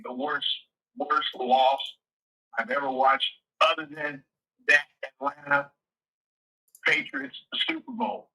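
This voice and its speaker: A man's voice: on the high side, big pitch swings, slow pace, gravelly, long pauses, bright, forceful tone, breathy edge, low-quality recording. A man, hosting a casual sports chat and rambling through stories with many restarts. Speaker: podcast host.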